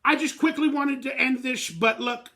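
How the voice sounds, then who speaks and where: High, bright-voiced man ranting. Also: moderate pace. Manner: blunt, emotional, slangy and plainspoken. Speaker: fan channel host. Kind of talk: postgame reaction rant.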